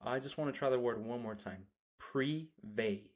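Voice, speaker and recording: A man whose first language is Spanish, practising reading aloud and slowing down over each phrase, with quick casual remarks in between. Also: medium pitch, darkish tone. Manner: reads French slowly and carefully, quick self-talk between lines. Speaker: language learner.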